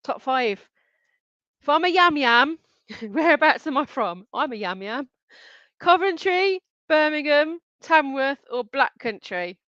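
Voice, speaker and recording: A woman's voice: high-pitched, animated, unhurried, fairly bright tone, no room sound, dull audio. Chatty woman hosting a quiz. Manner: chatty, reads out answer options and names, giggles often. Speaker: quiz host. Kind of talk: live online quiz hosting.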